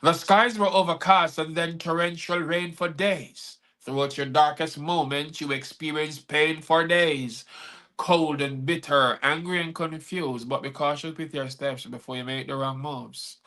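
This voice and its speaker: Bright-voiced man hosting a stream. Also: fairly high pitch, fairly even intonation, unhurried. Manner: rhythmic spoken-word delivery, warm encouragement. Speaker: host and poet. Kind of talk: live-stream chat with spoken-word poetry.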